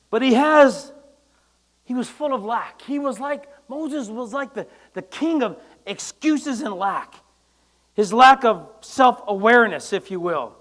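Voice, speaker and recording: A man with a high voice preaches a lively sermon in church. He acts out quoted lines, now and then breaking into loud bursts. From United States. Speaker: pastor.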